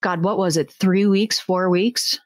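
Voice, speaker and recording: A woman in her thirties, a podcast host, telling a story in lively casual chat and laughing often. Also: lowish voice, a little slow, no echo.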